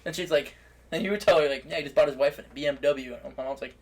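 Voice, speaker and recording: A man's voice: a little high, husky. A young man co-hosting a podcast, chatting casually and telling funny stories through laughter. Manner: laughing storyteller, quick asides. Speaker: podcast co-host. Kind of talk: casual chat.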